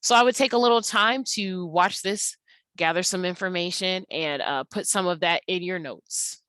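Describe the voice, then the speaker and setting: A young adult woman teacher talking through a recorded slide lesson at an unhurried pace, with many ums and uhs. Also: lowish voice, a bit bright, no echo.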